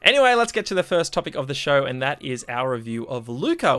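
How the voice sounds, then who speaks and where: Bright-voiced man hosting a show. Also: mid-range voice, big pitch swings, fast talker, few pauses, soft background music. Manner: upbeat, announcer-like intro delivery. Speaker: podcast host. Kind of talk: casual live-stream chat.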